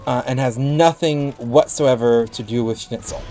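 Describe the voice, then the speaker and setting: A man's voice: medium pitch, a little slow, warm tone, soft background music. Man with a lisp, chatting while gaming. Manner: rambling, thinks aloud with restarts. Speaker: game streamer. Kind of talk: casual chat with stream viewers while gaming.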